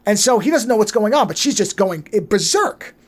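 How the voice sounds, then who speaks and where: A man on a podcast casually retelling a movie plot, animated and swearing freely. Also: sits high, moderate pace. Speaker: podcast co-host.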